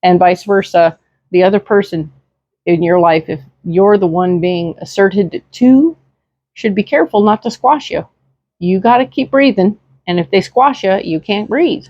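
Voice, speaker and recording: Woman, tarot reader, chatty, reassuring, mid-pitched voice, dry sound, slightly muffled. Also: unhurried, darkish tone, no room sound. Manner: chatty, reassuring, many fillers and tag questions. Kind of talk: casual tarot reading. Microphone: desk microphone.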